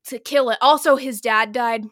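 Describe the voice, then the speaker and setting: A woman co-hosting a podcast in casual chat, retelling a story animatedly with lots of "like" and quick asides. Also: a little high, steady tone, a bit bright, no room sound, clean studio sound. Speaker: podcast co-host.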